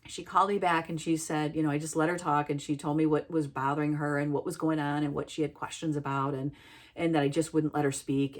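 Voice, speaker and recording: A middle-aged woman, a healthcare worker, giving an earnest, heartfelt reflective talk about listening. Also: deep voice.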